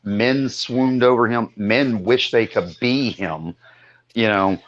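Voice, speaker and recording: A man hosting a podcast, giving slow, opinionated views with casual swearing. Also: medium pitch, lo-fi sound. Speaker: podcast host.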